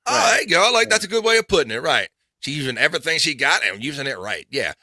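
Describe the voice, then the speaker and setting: A man's voice: a little high, very animated, fast, bright, forceful tone, no echo, clean studio sound. A man hosting a casual live podcast, rambling, laughing and muttering to himself as he reads chat. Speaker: podcast host.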